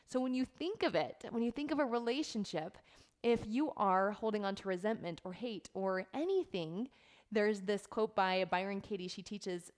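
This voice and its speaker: A middle-aged woman coach talks to camera in an earnest, heartfelt way. Her delivery is soft and unhurried, and she repeats words for emphasis. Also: medium pitch. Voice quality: earnest and heartfelt, close to tears at times. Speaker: life coach. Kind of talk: reflective talk to camera.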